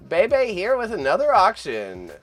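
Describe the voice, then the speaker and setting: A man doing a bright, punchy TV news anchor. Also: high-pitched, voice pushed up, exaggerated voice. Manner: punchy announcer inflection. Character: upbeat male TV news anchor.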